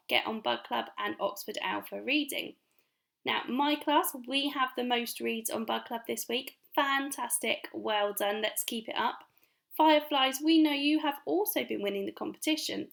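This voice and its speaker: An English woman teacher with a high, bright voice and a gravelly edge. She talks young children through their lessons, upbeat and encouraging, clear and slow when she explains. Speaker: primary school teacher. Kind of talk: recorded home-learning lesson for young children.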